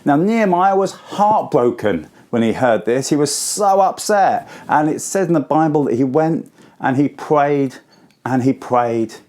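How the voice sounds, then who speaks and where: A man in his forties giving a school assembly talk, telling a story to children in simple, lively words. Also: on the high side, unhurried. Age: 40s.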